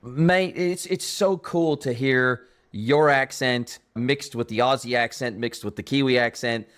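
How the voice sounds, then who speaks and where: A man's voice: medium pitch, unhurried, fairly bright tone, clear, resonant tone. A man in his forties hosting a business podcast interview, talking in an effusive, enthusiastic way and repeating phrases for emphasis. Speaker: podcast host. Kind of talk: interview conversation.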